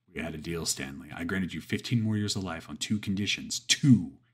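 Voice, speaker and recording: A man voicing Satan, a towering, goat-headed devil who speaks in slow, cold, commanding pronouncements. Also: slightly rough. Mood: stern. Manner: slow, measured, booming pronouncements.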